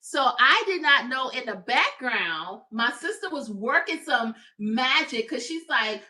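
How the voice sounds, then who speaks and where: A woman's voice: a little high, animated, a little slow, hardly any pauses, bright, forceful tone, roomy sound, far from the mic. A woman hosting a crochet livestream, chatting upbeat with her viewers. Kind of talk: casual livestream chat.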